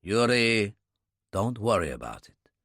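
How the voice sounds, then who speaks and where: A man reading an audiobook, voicing a calm, guarded man who speaks low and measured. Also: dry recording, clean studio sound, heavily acted.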